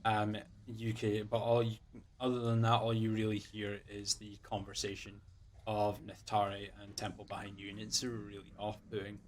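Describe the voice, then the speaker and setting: A man's voice: fairly low pitch, monotone, moderate pace, a little hiss or hum. A man narrating as game master over a voice call, loose and full of fillers.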